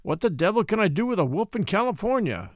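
A man's voice: high-pitched, sing-song, fast talker, no echo, studio quality, pitched above the performer's own voice. A man voicing a proud, irritable master who snaps back defensively. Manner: terse, defensive, snapping. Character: proud, irritable male master of wolf-dog.

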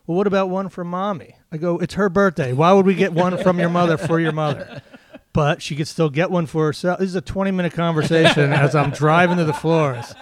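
Guy telling funny stories about his kids, acts out the lines, kinda high voice. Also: brisk. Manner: animated storyteller acting out his kids' lines. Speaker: guest comedian. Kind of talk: casual podcast chat, telling stories.

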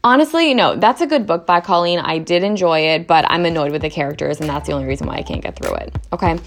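A woman's voice: fairly low pitch, fast talker, faint music behind. A young woman chatting casually to camera as a book reviewer, talking in an exasperated, rambling way with lots of fillers.

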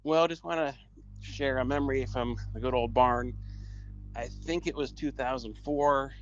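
A man's voice: medium pitch, moderate pace. A man calling in to a sports talk show, reminiscing hesitantly with fillers. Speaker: caller. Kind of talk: phone-in chat. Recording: dull lo-fi audio.

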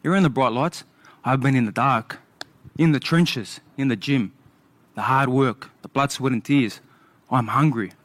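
A man's voice: medium pitch, a little slow, fairly bright tone. A man speaking as a boxing challenger at a press conference, defiant and determined. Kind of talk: press conference trash talk.

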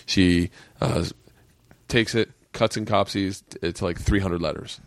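A man in his forties hosting a casual podcast chat, telling stories with lots of swearing and quick impressions. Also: lowish voice, dry recording. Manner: animated storyteller, jumps into impressions, swears a lot. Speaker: podcast host.

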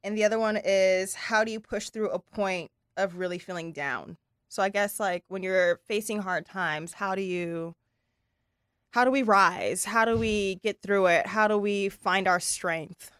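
A woman's voice: medium pitch, measured pace, a bit bright, clean tone, no echo, studio quality. A woman hosting a podcast, chatty and loose, reading out listener questions. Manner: chatty, loose, lots of fillers. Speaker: podcast host. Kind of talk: casual podcast chat.

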